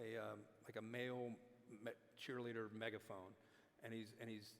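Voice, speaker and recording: A man spins an animated anecdote for a dinner crowd, jumping into the voices of the people in it. His voice sits in the middle range and carries the long reverb of a large hall. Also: mid-range voice, moderate pace. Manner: animated, acts out quotes. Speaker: guest speaker. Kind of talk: storytelling on stage.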